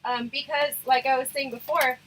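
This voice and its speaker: A woman hosting a casual livestream chats frankly, rambling through fillers. Her voice sits a little high and bright, with a husky edge as she starts losing it. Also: little pitch movement, moderate pace, low-quality recording. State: losing her voice, throat irritated. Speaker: livestream host.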